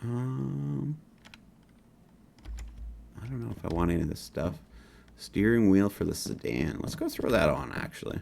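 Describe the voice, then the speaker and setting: A man's voice: fairly low pitch, lively intonation, a little slow, vocal fry, pauses often, darkish tone. A man from northern Canada with a slight northern Canadian accent, a game developer giving a casual, upbeat walkthrough of his game with folksy asides. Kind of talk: gameplay walkthrough commentary.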